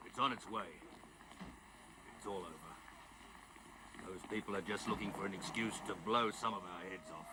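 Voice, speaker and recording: An actor playing a weary male soldier who talks gruffly in a TV movie. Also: low-pitched, moderate pace, long pauses, natural voice. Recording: noisy film soundtrack.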